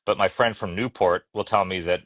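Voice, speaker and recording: Deep-voiced reflective man, rambling. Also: fairly even intonation, brisk, fairly bright tone, no echo. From Arkansas, USA. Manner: rambling, reflective, many restarts. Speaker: guest, children's book author. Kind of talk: casual podcast conversation.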